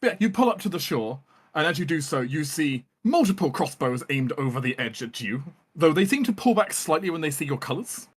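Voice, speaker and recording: A man narrating a tabletop role-playing game as game master, describing scenes in a relaxed way. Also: fairly high pitch, fairly quick, slightly rough.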